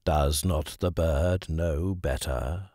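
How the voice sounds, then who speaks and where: A man voicing a proud, condescending male hawk with a deep, unyielding voice in an audiobook story. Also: a little mellow, no echo, studio quality, exaggerated voice. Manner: slow, condescending.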